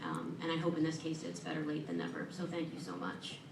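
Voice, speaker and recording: Woman inductee, low-ish voice, earnest podium speech, echoey hall, heard from a distance. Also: sing-song, a little fast, a little hiss or hum. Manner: earnest and warm, with self-deprecating humor. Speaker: hall of fame inductee giving acceptance speech. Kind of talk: prepared acceptance speech. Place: large event hall at an awards ceremony. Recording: echoey room, voice from far off.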